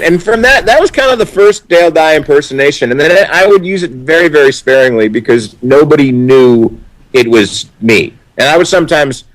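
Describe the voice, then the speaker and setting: A man's voice: fairly high pitch, brisk, rough recording. A man, an actor being interviewed, telling casual anecdotes with many restarts and some swearing. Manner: animated storyteller, frequent restarts and swearing.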